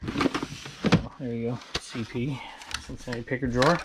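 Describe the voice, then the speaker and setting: A man's voice: mid-range voice, fairly even intonation, moderate pace, noisy background. A man from Southern California, chatting casually to viewers as he shows items he resells. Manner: rambling, chatty, talks to viewers. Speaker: reseller vlogger. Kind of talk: casual chat.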